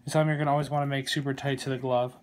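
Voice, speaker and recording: A man giving a casual how-to tutorial on a glove, relaxed and rambling, with plenty of fillers and small jokes. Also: medium pitch, rapid-fire. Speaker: glove maker demonstrating lacing. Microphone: phone camera.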